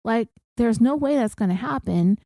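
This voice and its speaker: A woman's voice: fairly high pitch, lively intonation, normal speed, vocal fry, warm tone, no echo. A woman podcast host recapping a story in a casual, wry, conversational way.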